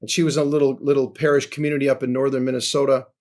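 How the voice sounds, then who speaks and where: This podcast guest is a man in his sixties recounting his own testimony with earnest storytelling, often dropping to a soft, low register. His pitch barely moves, and he talks at a racing pace.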